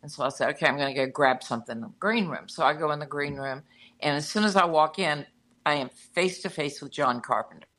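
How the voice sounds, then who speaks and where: Bright, chatty woman telling a story. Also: low voice, brisk. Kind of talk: casual anecdote telling.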